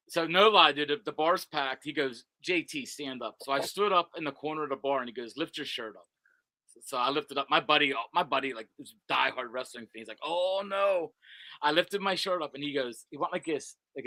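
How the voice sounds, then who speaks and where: Man, brassy bright tone, dry close sound, rambling guest storyteller. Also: on the high side, fairly quick, no echo. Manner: rambling storyteller, many restarts. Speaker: guest, sports website owner. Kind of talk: casual podcast chat. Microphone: video call.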